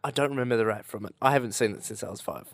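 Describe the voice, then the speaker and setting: A man's voice: on the low side, very fast, no echo, studio quality. A man co-hosting a podcast, reading out odd news stories and laughing along. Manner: good-humoured, laughs along, reads stories aloud.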